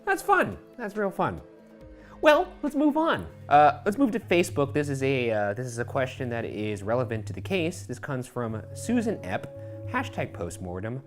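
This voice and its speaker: A man's voice: medium pitch, sing-song, normal speed, faint music behind. A man in his thirties co-hosting a show, bantering casually, teasing his partner and reading out viewer comments. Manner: playful, teasing, laughs often. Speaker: co-host.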